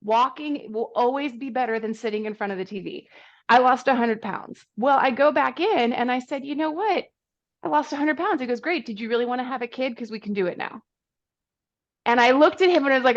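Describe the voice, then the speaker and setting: A woman's voice: high voice, fairly quick, muffled recording. A woman in her thirties, a guest on a running podcast, telling her own story candidly and with animation, acting out the people she quotes. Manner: animated, self-deprecating, acts out quoted people.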